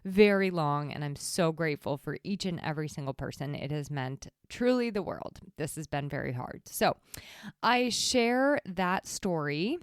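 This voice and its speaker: A woman's voice: fairly low pitch, animated, measured pace, clear, resonant tone, no room sound. A woman hosting her own podcast, talking candidly and chattily, often close to tears. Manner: candid, chatty, heavy use of "like". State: teary, voice close to crying. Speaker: podcast host. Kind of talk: solo podcast monologue.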